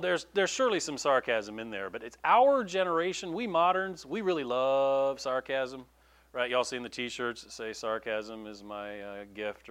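A man preaching a sermon in a conversational, animated way, with quick asides to the congregation. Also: mid-range voice. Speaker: pastor.

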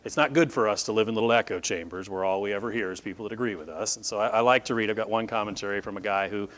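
Animated middle-aged male pastor preaching. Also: fairly low pitch, rapid-fire. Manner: animated storytelling, voices quoted speakers. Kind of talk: sermon.

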